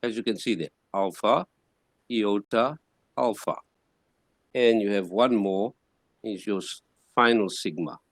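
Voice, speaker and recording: A man giving a classroom lecture, explaining slowly and patiently with frequent restarts. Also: on the low side, no echo. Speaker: teacher.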